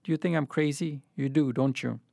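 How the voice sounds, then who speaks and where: A man's voice: a little high, steady tone, brisk, vocal fry, darkish tone, dry recording. An anxious young woman who badly wants a baby, read by a man in his own voice. She sounds nervous and pleading. The recording is dry and close.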